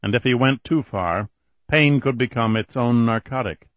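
A man narrating an audiobook in a steady, even reading voice, on a dull lo-fi recording. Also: mid-range voice, normal speed, dry recording. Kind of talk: scripted narration.

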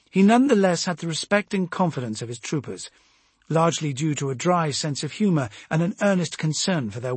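A man giving steady, measured first-person audiobook narration. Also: medium pitch, slightly rough, dry recording.

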